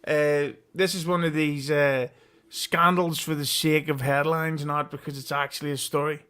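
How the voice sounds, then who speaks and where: A man's voice: fairly high pitch, little pitch movement, moderate pace, fairly bright tone, clean tone. A man appearing as a podcast guest, giving blunt, profane, dismissive opinions. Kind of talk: casual podcast chat.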